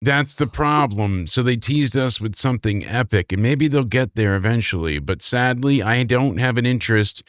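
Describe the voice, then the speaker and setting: A man's voice: medium pitch, clean tone, dry recording. Dry-voiced man recapping wrestling. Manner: rambling, animated recaps with quick impressions. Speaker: wrestling show reviewer, host. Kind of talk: casual chat.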